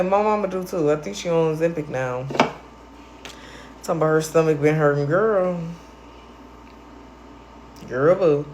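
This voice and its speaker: A woman's voice: low-pitched, moderate pace, long pauses, darkish tone, slight background noise. A woman hosting a late-night livestream, ranting at viewers in a brash, profane and confrontational way while a little tipsy. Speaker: livestream host.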